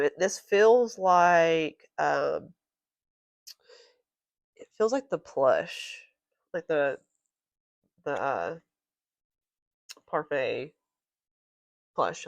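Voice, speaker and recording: A woman with a deep, congested, nasal voice vlogs about crochet, rambling in a casual, chatty show-and-tell style. The recording has no echo.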